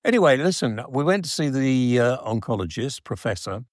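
A man's voice: medium pitch, very animated, moderate pace, dry recording, studio quality. A middle-aged man with a Geordie accent, rambling and self-deprecating in a casual chat with his wife.

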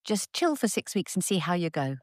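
A middle-aged woman chats casually with her husband, her teasing dry and matter-of-fact. Her voice sits on the low side, recorded close and dry. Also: sing-song, fairly quick, dry recording. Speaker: co-host, wife. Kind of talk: casual chat.

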